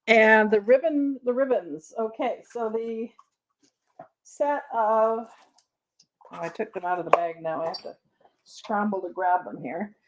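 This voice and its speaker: Slow-talking woman hosting a vintage sale. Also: mid-range voice. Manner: chatty, reads prices and lot numbers to viewers. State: has the hiccups. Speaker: live sale host. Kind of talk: live-streamed vintage sale chat.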